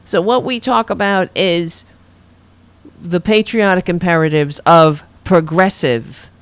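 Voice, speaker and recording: A woman's voice: on the low side, takes it slowly, clean tone, no room sound. A woman hosting her own political commentary show, speaking in an impassioned, rallying way and repeating slogans.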